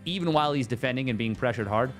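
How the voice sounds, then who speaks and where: Jokey excitable male game caster. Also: mid-range voice, very fast, faint music behind. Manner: jokey, excitable, riffs and sing-songs. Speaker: esports caster. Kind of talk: solo game commentary.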